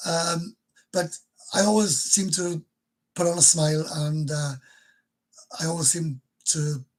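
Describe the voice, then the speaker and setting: A man's voice: on the high side, level tone, a little slow. A Welsh man in his fifties, hosting a casual livestream chat from his bedroom, talking in an emotional, rambling way with laughs between sentences. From Wales. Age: 50s. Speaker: livestream host.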